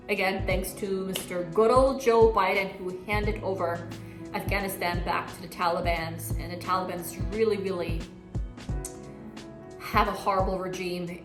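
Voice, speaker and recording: Young woman vlogger, candid and emotional, roomy echo with music beneath. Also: fairly low pitch. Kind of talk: personal year-recap monologue. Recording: echoey room with music underneath.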